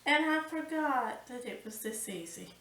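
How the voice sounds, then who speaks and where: A woman's voice: sits high, expressive, measured pace, pushed and bright, roomy sound, far from the mic, rough recording. A woman hosting a cooking channel, talking through a recipe step by step and exclaiming with delight.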